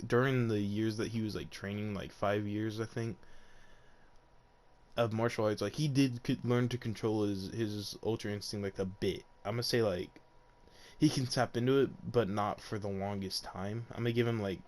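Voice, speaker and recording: A man's voice: lowish voice, fairly even intonation, normal speed, darkish tone. A young man casually telling an unscripted fan story, rambling with lots of fillers and frequent laughs. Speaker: YouTuber.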